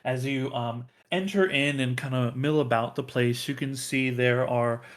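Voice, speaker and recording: A man narrating as game master of a tabletop role-playing game, halting with many ums and uhs. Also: medium pitch.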